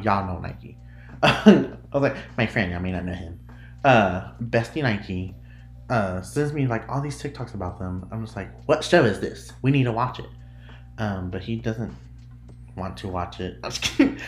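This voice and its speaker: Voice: sits low, roomy sound. A podcast host from the United States chatting casually and rambling, often breaking off to giggle. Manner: rambling, giggly, self-interrupting. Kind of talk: casual solo podcast chat.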